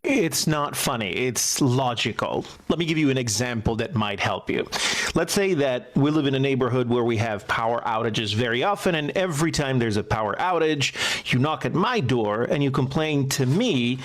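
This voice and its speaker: A man's voice: mid-range voice, lively intonation, moderate pace. A man giving a patient, methodical explanation with an everyday example. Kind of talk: explanatory monologue.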